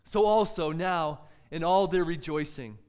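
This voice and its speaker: A man with a fairly high voice delivers a sermon as a preacher. He talks earnestly and often turns to his listeners with rhetorical questions. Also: a little slow, darkish tone, clear, resonant tone.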